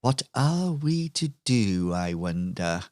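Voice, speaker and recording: A man's voice: lowish voice, very animated, darkish tone, no echo, clean studio sound. A man voicing a smug, scheming villainous woman who mocks and taunts her rivals in a tabletop game. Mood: taunting. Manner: taunting, drawn-out sly delivery.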